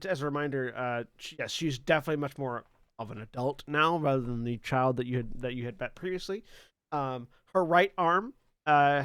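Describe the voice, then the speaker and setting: A man narrating a tabletop game as game master, in a loose, halting way that breaks into laughs now and then. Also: mid-range voice, a bit bright, clear, resonant tone, dry recording, studio quality.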